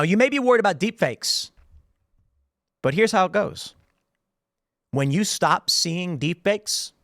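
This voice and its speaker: Rich: An animated American man in his thirties comments on a clip, his high voice swinging widely in pitch. He rambles and acts out bits of dialogue. The sound is dry and close, with no room around it. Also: dry recording. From United States. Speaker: host. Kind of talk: online commentary on a news clip.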